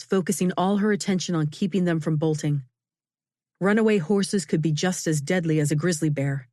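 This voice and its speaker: A woman narrating a novel in a measured, expressive reading. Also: on the low side, no echo. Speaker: audiobook narrator. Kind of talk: scripted narration. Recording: dry, close studio sound.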